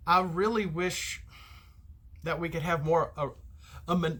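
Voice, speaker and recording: A man's voice: a little high, takes it slowly, fairly bright tone. A middle-aged man with a Southern American accent, rambling through a casual solo vlog monologue and often losing his thread. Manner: rambling, loses his thread, many fillers. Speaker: card game vlogger.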